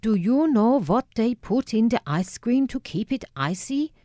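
A woman's voice: on the high side, animated, unhurried, warm tone, no room sound, studio quality, pitched above the performer's own voice. A woman putting on a sneering old Dutchman with a guttural accent. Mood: sneering lecture. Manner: sneering, lecturing. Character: eccentric old Dutch herbalist man, sneering and preachy.

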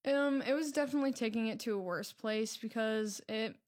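A woman's voice: a little high, fairly quick. Hesitant teenage girl, lots of "like". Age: teens. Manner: soft-spoken, hesitant, many "um" and "like". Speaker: program resident. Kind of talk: interview answers.

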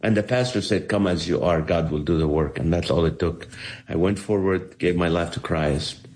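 A man's voice: low-pitched, moderate pace. A middle-aged man from the Middle East, a comedian telling his story in an interview and acting out the voices he quotes. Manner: animated, acts out quoted voices. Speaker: comedian guest.

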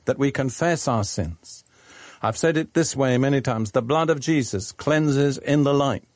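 Man, preacher, measured deliberate delivery, middle pitch, dry studio sound. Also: dry recording. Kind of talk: sermon.

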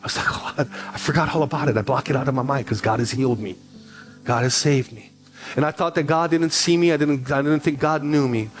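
A middle-aged man preaching as a pastor, telling stories in an animated way and repeating lines for emphasis. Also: mid-range voice, fast, music in the background. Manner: animated, repetitive storytelling with rising emphasis. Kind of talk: sermon.

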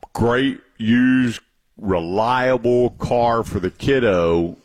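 A middle-aged man hosting a talk radio show, a bit low in pitch. He chats loosely and tells stories with a joking edge. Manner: chatty, lively storyteller with laughs.

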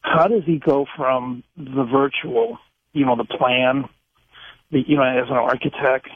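Male caller, husky, rambling question, phone line. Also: mid-range voice, a little slow, dry recording. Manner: rambling, searching for words.

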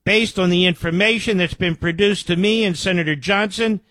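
Male talk host, high-pitched, sarcastic, indignant commentary, dry studio sound. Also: normal speed, sharp tone, no room sound. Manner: indignant, sarcastic asides between quoted reports. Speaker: radio show host. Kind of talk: political commentary, reading news aloud.

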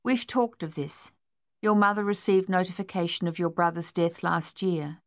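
A woman reading the part of a caring French nursing sister in an audiobook, soft but firm. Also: on the low side, fairly even intonation, moderate pace, lightly acted. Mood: firm gentle.

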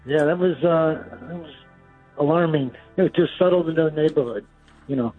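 A man calling in to a radio show, easygoing and quick to laugh. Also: a little high. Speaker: caller. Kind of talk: casual call-in chat. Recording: tinny phone line with faint music.

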